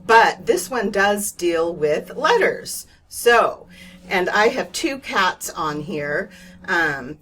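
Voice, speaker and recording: Lady teaching kids to read, talks super slow and patient, kinda lowish voice. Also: very animated, a bit bright, slight background noise. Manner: slow, patient, reassuring explanation with demonstrated whispers. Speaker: reading teacher. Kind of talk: instructional video lesson.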